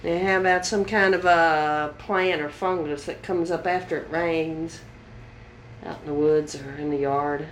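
A woman interviewer asking slow, prompting questions about local words. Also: sits low, steady tone. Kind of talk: dialect survey interview. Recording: echoey room, light noise.

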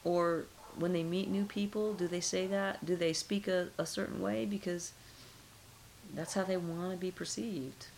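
A woman's voice: on the low side, steady tone, normal speed, gravelly, darkish tone, slight background noise, poor audio. A middle-aged woman being interviewed, talking casually and musing with rhetorical questions.

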